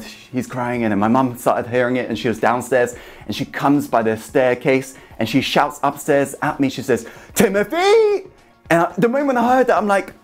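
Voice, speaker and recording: A man giving an earnest, emphatic motivational talk straight to camera, speaking to the viewer as one person. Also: medium pitch. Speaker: motivational YouTube host. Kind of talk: direct-to-camera coaching talk.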